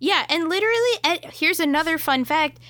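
A woman co-hosting a casual podcast chat, sharing fun facts and dropping dry, deadpan jokes. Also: very high voice, fairly quick, no echo. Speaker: podcast co-host.

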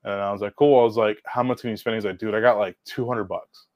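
Fast-talking animated young guy, dry mic. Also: on the low side, no echo, muffled recording. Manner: animated storyteller, swears, acts out quotes loudly. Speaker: podcast guest, car detailer. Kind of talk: casual storytelling chat.

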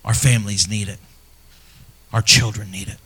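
A middle-aged man, a pastor, preaching a sermon in a church, earnest and personal, swinging from loud emphasis to hushed, near-whispered lines. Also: on the low side, fairly even intonation, normal speed, slightly rough. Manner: earnest and personal, speaking to fathers.

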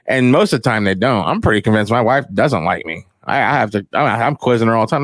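A man's voice: lively intonation, fairly quick, few pauses, fairly bright tone, dry recording. A young man talking in a crude, rambling, profane casual chat. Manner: crude, rambling, profane, mimics others in high voices.

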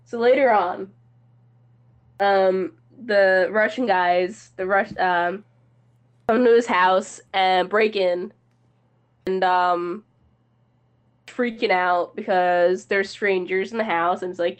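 A woman who is sick, retelling a movie's plot in a rambling, halting casual chat with slang. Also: medium pitch, fairly even intonation, clear, resonant tone. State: sick, coughing.

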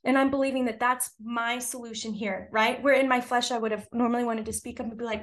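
A woman's voice: a little high, steady tone, fast, hardly any pauses. A woman preacher hosting a show, telling a story casually with lots of "like" and rhetorical questions, then urging her listeners earnestly. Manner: earnest exhortation. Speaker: podcast host and traveling preacher. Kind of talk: preaching testimony to women.

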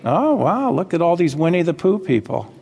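A man's voice: on the high side, sing-song, normal speed, creaky, a little mellow, slightly rough. A man preaching a sermon to his congregation, exhorting them directly and often calling out "listen" and "folks". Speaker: pastor. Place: church sanctuary with congregation. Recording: long hall reverb.

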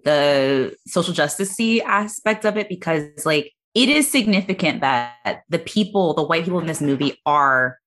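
A woman hosts a casual movie podcast, her low-set voice swinging through a wide, lively pitch range. She slides readily into playful high-pitched impressions. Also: moderate pace, hardly any pauses. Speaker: podcast host. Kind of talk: casual movie review chat.

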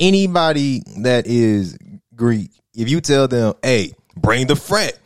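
A man's voice: mid-range voice, expressive, slow pace, no echo, clean studio sound. A young man in casual conversation, teasing and joking while his friend tells a story. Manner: joking, teasing listener who chimes in. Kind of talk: casual chat.

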